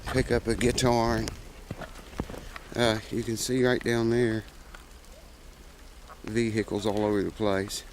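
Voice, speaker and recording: A man's voice: on the low side, flat delivery, takes it slowly, long pauses, a little hiss or hum, poor audio. A man making a guitar repair video, chatting casually in a rambling, folksy way with plenty of "uh" fillers. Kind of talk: casual vlog chat.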